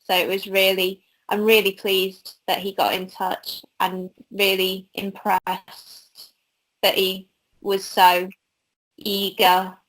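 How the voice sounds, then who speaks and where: A woman's voice: medium pitch, monotone, slow, a bit bright, low-quality recording. A British woman hosting a casual livestream chat, talking loosely with fillers and small laughs. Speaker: host.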